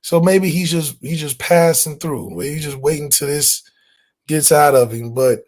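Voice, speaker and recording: A man hosting a casual sports talk show, speaking in a fairly high voice. He is emphatic and animated, using slang as he argues his points. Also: moderate pace. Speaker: sports podcast host.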